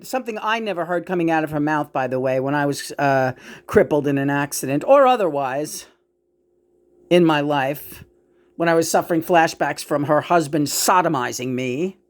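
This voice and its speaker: A woman's voice: low voice, animated, normal speed. A woman giving a casual monologue in a profane, emotional rant. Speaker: vlogger.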